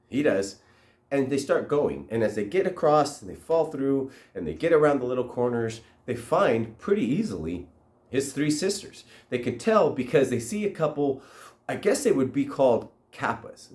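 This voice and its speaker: A man's voice: mid-range voice, very animated, moderate pace, darkish tone. A man telling a story in a loose, conversational way. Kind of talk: casual oral storytelling. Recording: roomy echo.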